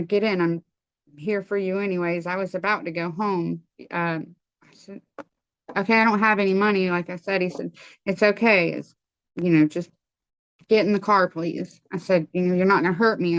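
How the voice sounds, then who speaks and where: Woman telling her story, halting and dry. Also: lowish voice, no room sound. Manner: casual, halting with many fillers and restarts. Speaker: testimony guest. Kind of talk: personal testimony storytelling.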